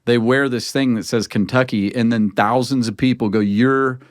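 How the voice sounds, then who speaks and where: A pastor in a casual podcast conversation, talking earnestly and with emphatic, preaching-style rhythm. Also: male voice, mid-range voice, steady tone, normal speed, no echo, studio quality.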